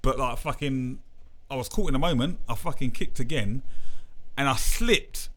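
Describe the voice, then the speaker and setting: A young man, casually telling a sweary, animated story on a podcast. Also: mid-range voice, moderate pace.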